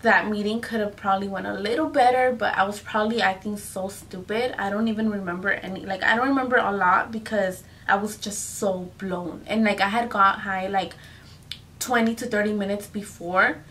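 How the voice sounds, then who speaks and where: A woman's voice: medium pitch, fairly even intonation, normal speed, fairly bright tone, far from the mic, a little hiss or hum. A young woman telling a casual storytime to her viewers, chatty and full of "like" and "you guys", slipping into Spanish phrases. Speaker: vlogger.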